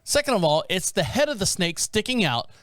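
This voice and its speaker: A man's voice: high-pitched, brisk, dry recording, studio quality. A man hosting a podcast, rambling in casual commentary about viral videos and acting out what people said. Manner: rambling, animated, acts out quotes. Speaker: podcast host.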